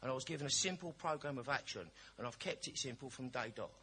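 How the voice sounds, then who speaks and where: A man's voice: mid-range voice, lively intonation, fast, bright, forceful tone, slight background noise. A man giving a personal share at a recovery meeting, telling his story in a chatty, blunt, jokey way.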